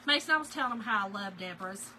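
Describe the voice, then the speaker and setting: A woman's voice: mid-range voice, expressive, racing, bright, forceful tone, a little hiss or hum, low-quality recording. A middle-aged woman, chatting casually and laughing with live viewers while she crafts. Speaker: craft livestream host.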